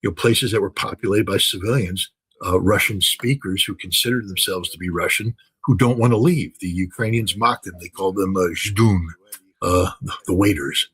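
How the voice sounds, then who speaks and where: Older man, interview guest, husky low voice, emphatic, repetitive. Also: normal speed, fairly bright tone, low-quality recording. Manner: emphatic, repeats phrases for stress, fillers and restarts. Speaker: interview guest, military commentator. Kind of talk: unscripted interview talk.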